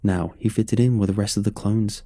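A man narrates a first-person story and reads the dialogue in a plain, low-key way. His voice is very dark and husky. The room sounds dry, with faint music underneath. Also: fairly even intonation, moderate pace, no room sound.

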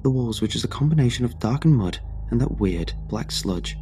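A man narrating a scripted horror story in a measured, dramatic way. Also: mid-range voice, lively intonation, dark tone, soft background music.

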